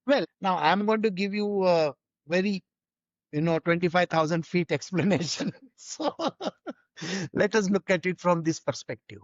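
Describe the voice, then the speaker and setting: A man's voice: high-pitched, a little slow, no room sound. Man teaching, dry dull sound. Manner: conversational, rhetorical questions, chuckling asides. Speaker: spiritual teacher. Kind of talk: informal spiritual teaching.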